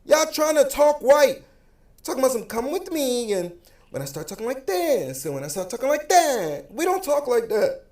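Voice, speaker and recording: High-voiced man ranting, echoey room. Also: very animated, normal speed, a little mellow. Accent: African American English. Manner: blunt, emphatic, repetitive. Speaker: social media commentator. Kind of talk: heated direct-to-camera rant.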